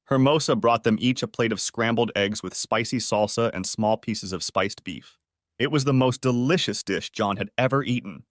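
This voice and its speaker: A man narrating a family drama story in a steady, scripted storytelling voice. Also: mid-range voice, no room sound, studio quality.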